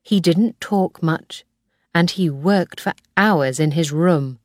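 Woman audiobook narrator, unhurried and measured, close and dry. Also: fairly low pitch, a little mellow, no room sound. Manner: slow, clear, measured reading.

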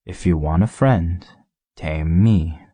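A man voicing a wise, lonely male fox in an audiobook, explaining things gently and in measured phrases. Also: low-pitched, husky, no echo, heavily acted. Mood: musing. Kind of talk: audiobook character reading.

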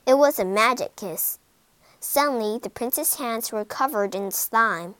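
A woman narrating a fairy tale in an expressive, dramatic storytelling manner. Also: a little high, unhurried, clean tone, no echo, poor audio.

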